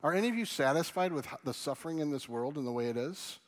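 A man preaching a sermon and leading a prayer as pastor, earnest and pleading, his voice dropping soft and low as he prays. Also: quick pace. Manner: animated, rising questions to the congregation.

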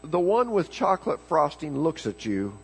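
A man's voice: fairly high pitch, very animated, moderate pace, creaky, faint music behind, poor audio. A man preaching a folksy, joking sermon in church, often repeating words as he starts a thought. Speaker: pastor.

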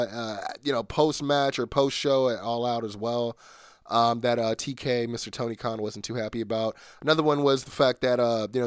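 A man's voice: medium pitch, clean tone, no room sound, clean studio sound. A man hosting a solo podcast, chatting casually with lots of fillers and restarts. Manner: rambling, many fillers and restarts. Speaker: podcast host.

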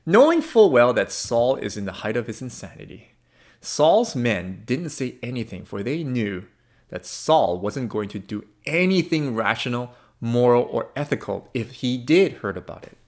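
A male pastor preaches with a lively, swooping pitch at a medium register. His delivery is emphatic and shifts between loud and soft. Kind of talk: sermon.

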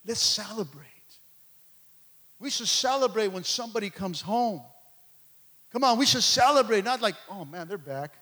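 A man's voice: high voice, normal speed, pauses often, pushed and bright. A man preaching a sermon as a pastor, emphatic and conversational, pressing his points home.

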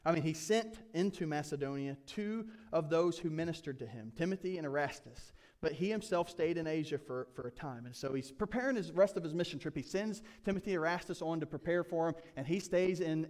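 A man's voice: fairly high pitch, a little fast. A man preaching a sermon who reads scripture aloud and retells it in casual storytelling. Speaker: pastor.

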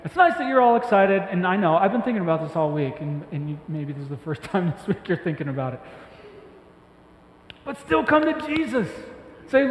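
A man preaching a sermon as pastor, talking emphatically with excited bursts that drop back to a soft voice. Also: high voice, fairly quick. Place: church hall. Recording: echoey hall with faint ambience.

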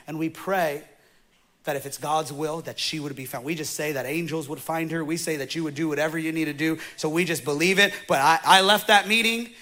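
A male pastor telling a story in a sermon, going from quiet storytelling to loud, excited preaching. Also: fairly high pitch.

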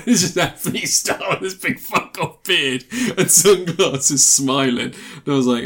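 A man's voice: on the high side, moderate pace, hardly any pauses, fairly bright tone. Man, podcast co-host, giggly, slips into goofy voices for bits. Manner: laughs often, acts out silly voices in stories. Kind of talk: casual chat.

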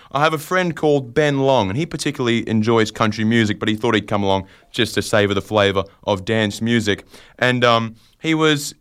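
A man hosting a radio show, teasing his guest in a deadpan joking way. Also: medium pitch, clear, resonant tone. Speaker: radio host.

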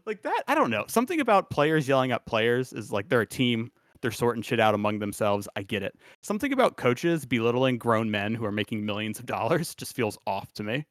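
A man's voice: mid-range voice, sing-song, a little fast, few pauses, no echo, studio quality. A man co-hosting a sports podcast, chatting casually, rambling and laughing at his own asides. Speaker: podcast co-host.

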